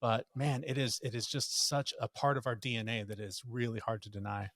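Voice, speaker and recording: Animated storytelling man on a podcast. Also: mid-range voice, a little fast, no room sound, studio quality. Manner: animated, acts out quotes in raised voice. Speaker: podcast guest. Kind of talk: casual conversational storytelling.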